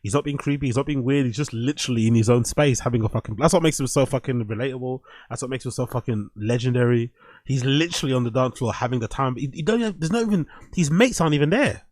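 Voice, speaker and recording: A man casually commentating on clips he is watching, profane and animated, talking back at them. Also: mid-range voice, fast, dry recording. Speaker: streamer reacting to clips.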